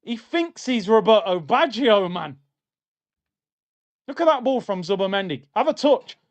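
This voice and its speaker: A man's voice: high-pitched, very animated, measured pace. A young adult man hosting a live football watchalong stream, reacting to the match and reading out chat messages in an exasperated, slangy rant.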